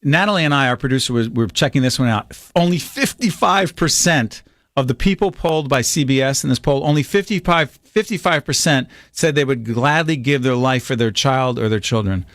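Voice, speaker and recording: A man hosting a call-in radio talk show, chatty and quick to laugh. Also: mid-range voice, fairly bright tone, no room sound, studio quality. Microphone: studio microphone.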